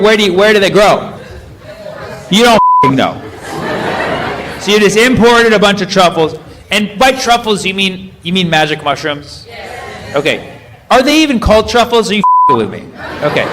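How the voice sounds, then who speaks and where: A male stand-up comedian working the crowd with animated, teasing banter on a club stage. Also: sits high. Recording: live stage recording with crowd noise. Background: audience laughter.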